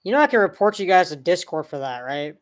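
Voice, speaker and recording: A man's voice: high voice, big pitch swings, fast. A man on a livestream answering trolls, sarcastic and mocking with fake dismay. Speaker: streamer answering online trolls. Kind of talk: casual livestream talk.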